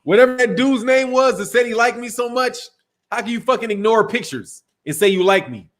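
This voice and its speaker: High-pitched profane boxing streamer. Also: male voice, expressive, a little fast, a bit bright. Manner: loose, profane, laughing, reads super chats. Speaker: boxing channel host. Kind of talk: casual livestream talk.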